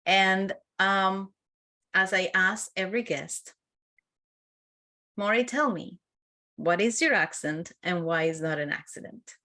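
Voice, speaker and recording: A woman hosting a podcast, giving a formal, deliberate introduction of her guest and interviewing him. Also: medium pitch, pushed and bright. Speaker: podcast host.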